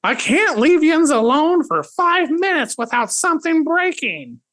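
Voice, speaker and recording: A man voicing an angry mother, scolding kids in a shrill voice during a story reading. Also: big pitch swings, a little slow, fairly bright tone, heavily acted. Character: furious mother storming in.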